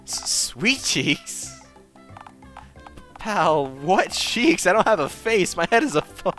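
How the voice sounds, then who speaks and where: A man's voice: lowish voice, lively intonation, a little slow, faint music behind. A man voicing a meek, stammering hotline worker. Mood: flustered. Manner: hesitant, stammering and quiet. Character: timid, downtrodden male hotline worker with no face.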